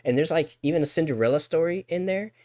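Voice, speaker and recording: A podcast co-host with a fairly high, warm voice chats casually and quickly on a live stream, with no room sound. He stammers, repeats words as he goes, and reads the chat aloud.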